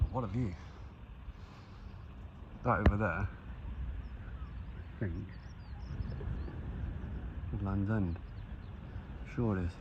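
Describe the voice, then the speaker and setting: A man vlogging casually outdoors at the beach, chatting in a relaxed way and swearing freely as he talks to a handheld phone. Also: lowish voice, very slow, long pauses, lo-fi sound, very noisy. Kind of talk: casual vlog narration.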